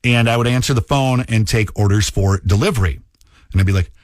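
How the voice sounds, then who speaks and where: A man's voice: lowish voice, brisk, dry recording, studio quality. A man with a Minnesotan accent hosting a radio show, talking casually in a chatty, self-mocking way. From Minnesota, USA. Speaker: radio host.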